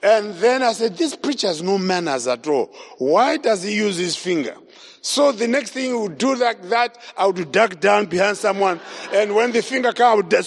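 A man with a high voice preaches his life story to a congregation, throwing himself into each scene and acting out every voice he quotes. His words ring out with a long hall reverb. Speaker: evangelist. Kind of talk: testimony sermon.

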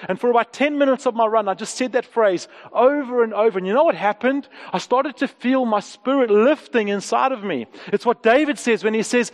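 A man's voice: very high voice, brisk, few pauses. A man, preaching a sermon and telling candid personal stories, often repeating his phrases. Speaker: pastor. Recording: long hall reverb.

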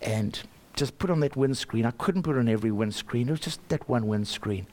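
An older man with a South African accent, telling a personal faith story in an earnest, animated way, often repeating words and chuckling. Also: mid-range voice, brisk.

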